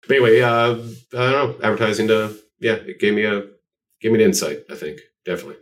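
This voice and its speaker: A man's voice: on the low side, steady tone, fast talker, far from the mic. A man being interviewed about his art, telling stories in a rambling, self-deprecating way with lots of fillers. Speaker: artist guest. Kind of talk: casual interview chat.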